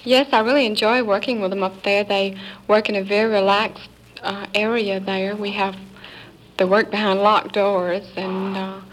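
Southern-accented woman, interviewee, steady even voice over light tape hiss. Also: medium pitch, moderate pace, poor audio. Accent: Southern American. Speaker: secretary to astronauts. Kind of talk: interview answers.

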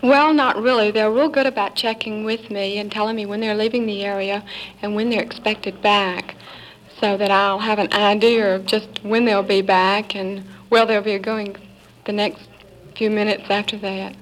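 Southern-accented woman, interviewee, steady even voice over light tape hiss. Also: mid-range voice, normal speed, poor audio. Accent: Southern American. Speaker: secretary to astronauts. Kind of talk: interview answers.

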